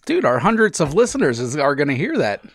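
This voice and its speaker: A man's voice: fairly high pitch, very animated, quick pace, no room sound, clean studio sound. A man with a Cincinnati accent co-hosting a podcast in crude, rambling casual chat, often stopping and restarting his thoughts. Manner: crude, rambling, self-interrupting. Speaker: podcast co-host.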